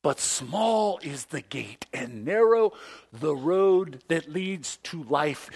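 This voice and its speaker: A man preaching a sermon, acting out the voices he quotes and swinging between loud outbursts and hushed asides. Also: on the high side, lively intonation, slow, slightly rough. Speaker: pastor.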